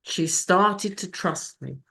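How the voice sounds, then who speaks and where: Speaking at a recovery fellowship meeting over a video call, a middle-aged woman gives a candid, emotional share and swears freely. Her voice is lowish, gravelly and husky yet fairly bright, and she talks slowly.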